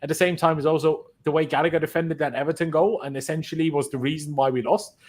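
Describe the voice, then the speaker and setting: A man's voice: fairly high pitch, fairly even intonation, fast. A man hosting a casual football chat on a live stream, opinionated and talking through his reasoning aloud. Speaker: host.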